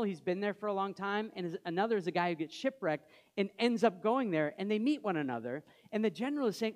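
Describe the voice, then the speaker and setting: A male pastor preaching a sermon in a conversational way, asking the congregation questions and dropping soft for scripture readings. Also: high voice.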